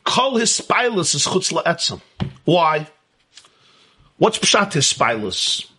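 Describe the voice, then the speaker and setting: A man's voice: on the high side, sing-song, slow pace, pushed and bright, breathy edge. A man giving an emphatic Hasidic lecture as a Torah teacher, asking rhetorical questions and repeating key words.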